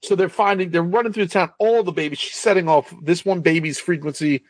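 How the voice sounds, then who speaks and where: A man retells a film's story in a loose, rambling way, with a slightly raised pitch and freely dropped swear words. The sound is dry and close, with little room around it. He talks like a co-host chatting casually. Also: fairly quick, dry recording. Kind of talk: casual film recap chat.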